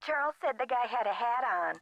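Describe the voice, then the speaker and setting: A woman's voice: on the high side, quick pace, fairly bright tone, dry recording. An actress voicing a friendly female librarian on the phone, with an Upper Midwestern accent and a folksy manner. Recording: muffled phone line.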